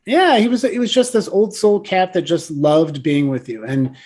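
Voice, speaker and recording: A man's voice: high-pitched, moderate pace, darkish tone. A man in his forties, a guest on a podcast interview, talking casually and telling stories with lots of "you know" and "right?". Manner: chatty storyteller, frequent "you know" and "right?". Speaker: guest, software founder.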